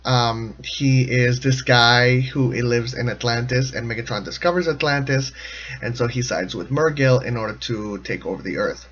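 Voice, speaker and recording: A man talks through a cartoon episode in a loose, comedic commentary style. He rambles, restarts his thoughts and laughs in the middle of sentences. His mid-pitched voice comes through a slightly muffled, lo-fi home recording. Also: moderate pace, fairly bright tone. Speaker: show commentator.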